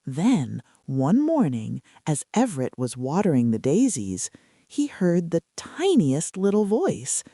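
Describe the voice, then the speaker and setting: A woman tells a calm bedtime story in a soft, chatty manner, dropping in casual fillers. Her voice is low-pitched and mellow, moving slowly with a lively melodic rise and fall. The sound is dry and close. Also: no room sound.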